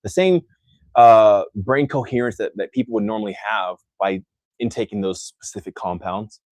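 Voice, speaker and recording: A man's voice: lowish voice, normal speed, a little mellow, dry recording. A young man from Texas with his own mixed, un-Texan accent, hosting a casual live Q&A and rambling loosely through viewer questions. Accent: own mixed accent, not Texan. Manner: loose, rambling, many fillers and restarts. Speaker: livestream host answering viewer questions.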